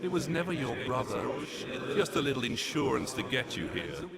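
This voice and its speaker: A man's voice: medium pitch, lively intonation, normal speed. An actor playing Legion, a grandiose ancient male villain who mocks and gloats, voiced in a video game cutscene. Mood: mocking. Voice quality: gravelly, theatrical and mocking. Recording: game audio with loud background noise.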